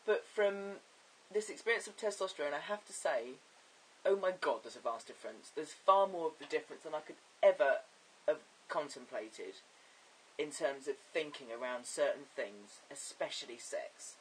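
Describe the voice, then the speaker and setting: A man chatting in a casual video diary, his voice deepening and cracking, rambling and giggling as he talks. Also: moderate pace, fairly bright tone, far from the mic, a little hiss or hum, low-quality recording. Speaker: vlogger.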